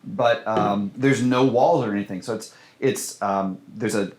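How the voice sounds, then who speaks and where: In a relaxed interview, a man who directs films talks unhurriedly in a fairly low voice, with slight background noise. He meanders, hesitating often, using plenty of fillers and starting sentences over, all in a roomy, echoing space.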